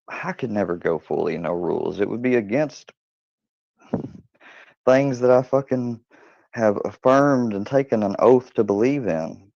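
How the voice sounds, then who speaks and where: A man's voice: medium pitch, lively intonation, moderate pace, gravelly, darkish tone, dry recording. A man hosting his own channel, telling rambling, profane stories in a casual monologue and laughing often. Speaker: channel host. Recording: dull lo-fi dry recording.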